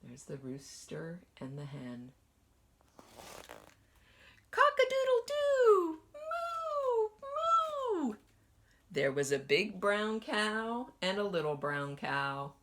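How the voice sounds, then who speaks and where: A woman kindergarten teacher gently reading a picture book aloud to children and asking them questions as she goes. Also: low voice, a little hiss or hum. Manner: slow, lively sing-song storytelling.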